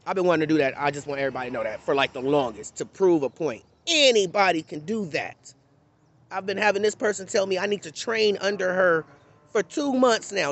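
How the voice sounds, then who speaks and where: A man's voice: high-pitched, animated, fairly quick, fairly bright tone. A man giving an unscripted, blunt and impassioned monologue to camera in a candid, conversational tone. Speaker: vlogger.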